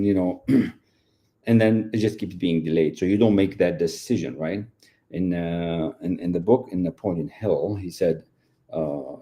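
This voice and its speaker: A man's voice: deep voice, unhurried, warm tone. A man giving an earnest motivational talk, repeating key phrases and speaking straight to the listener. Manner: earnest, repetitive, addresses listener directly.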